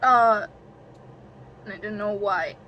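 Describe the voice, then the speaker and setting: A young woman reading aloud a story she wrote as a child, haltingly and with restarts, breaking off for self-mocking, giggly asides. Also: medium pitch, lo-fi sound, a little hiss or hum. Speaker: reader of her own childhood story.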